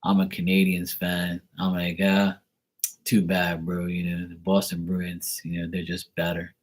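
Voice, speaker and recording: Deep-voiced man chatting casually. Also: monotone, measured pace. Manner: rambling, joking, storytelling. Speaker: live tarot reader chatting with viewers. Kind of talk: casual live-stream chat.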